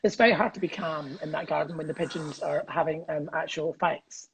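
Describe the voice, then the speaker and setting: A middle-aged Scottish man, a comedian, telling cheeky anecdotes over a video call, quick and giggly, acting out voices in his stories. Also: fairly high pitch, fairly even intonation, vocal fry, fairly bright tone, poor audio. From Scotland. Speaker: comedian guest. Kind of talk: casual storytelling chat.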